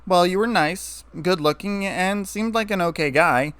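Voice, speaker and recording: A man's voice: high-pitched, a little slow, fairly bright tone, clean tone, no room sound, pitched above the performer's own voice. Brief: down-to-earth farm mare, friendly and folksy, a male reader putting her on. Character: plain-spoken, friendly female farm pony.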